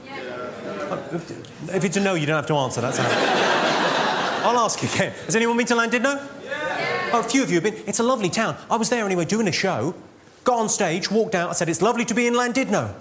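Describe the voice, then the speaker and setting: A man doing live stand-up comedy on a theatre stage, delivering crude deadpan one-liners and chatting with the crowd. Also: sits high, fast. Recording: loud audience noise at a live show. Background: audience laughter.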